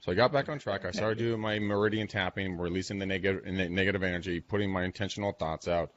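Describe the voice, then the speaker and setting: A man hosting a casual interview, telling stories in an animated way. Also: sits low, fast talker, a little hiss or hum. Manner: animated storytelling. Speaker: podcast host. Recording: dull lo-fi sound.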